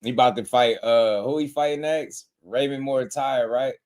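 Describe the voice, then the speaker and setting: A man with a mid-range voice hosts a boxing talk show. He speaks in a casual, laid-back way, adding quick remarks to the conversation. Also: medium pitch, crowd noise. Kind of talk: casual commentary.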